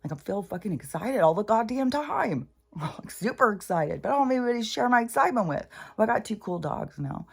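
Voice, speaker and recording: A woman's voice: on the high side, very animated, brisk, gravelly, breathy edge. An older woman talking in a rambling, profane, casual monologue as a spiritual channeler.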